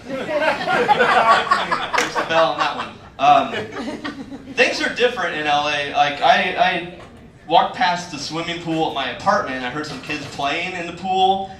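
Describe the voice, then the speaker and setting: A man's voice: a little high, expressive, unhurried, pauses often, a little hiss or hum. A man performing a stand-up comedy set, acting out the voices of people in his stories. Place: comedy club stage. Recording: echoey club, mic far, loud crowd laughter.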